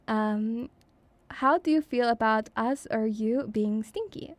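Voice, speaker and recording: A woman's voice: on the high side, slow pace, no room sound. A woman streaming as a VTuber, chatting casually and reading viewer messages in a flirty, teasing, giggly way.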